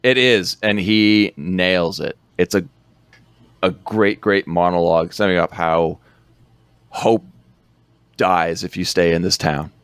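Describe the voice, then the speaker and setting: Low-voiced guy on a podcast, rambly movie recap, lots of laughs, super dry close sound. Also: fairly even intonation, fairly bright tone, clean tone, dry recording. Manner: rambling, laughs often, quick bursts. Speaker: podcast co-host recapping a film. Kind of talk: casual chat.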